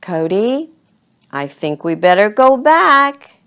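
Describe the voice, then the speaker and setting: A woman's voice: medium pitch, sing-song, slow pace, a bit bright, clear, resonant tone, heavily acted. A woman voicing an anxious, careful young boy who talks in an urgent, pleading way. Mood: worried.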